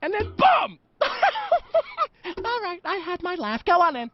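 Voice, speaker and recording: High squeaky robot doorman cackling, slow and swoopy, dull film sound with music. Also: wildly swooping pitch, very noisy, heavily acted. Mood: mocking. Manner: cackling, teasing. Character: prankster robot doorman, male, gleeful and mocking.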